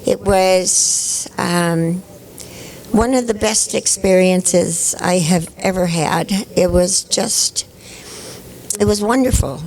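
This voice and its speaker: A woman's voice: fairly low pitch, takes it slowly, a little mellow, low-quality recording. Older woman telling chatty anecdotes. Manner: chatty anecdotal storyteller, laughs often. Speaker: actress panel guest. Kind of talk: convention panel storytelling. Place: convention panel stage.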